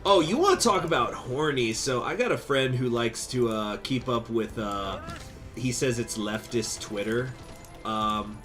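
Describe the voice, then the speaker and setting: A man streaming a strategy game, chatting casually with viewers, rambling, laughing and jumping into high excited bursts. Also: measured pace, soft background music. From United States. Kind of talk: casual game commentary with chat.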